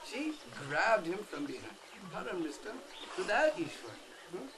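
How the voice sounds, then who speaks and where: Male devotional speaker, high-pitched, dramatic storytelling, outdoor crowd noise. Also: normal speed. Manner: animated, dramatic storytelling with chanted phrases. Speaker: pilgrimage speaker. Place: outdoor holy site with a group.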